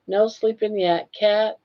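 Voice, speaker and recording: A woman's voice: on the low side, gravelly, muffled recording. An older woman hosting a casual livestream, chatting in a folksy way and reading out viewers' comments. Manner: chatty and folksy, drawing out viewers' names slowly. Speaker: livestream host.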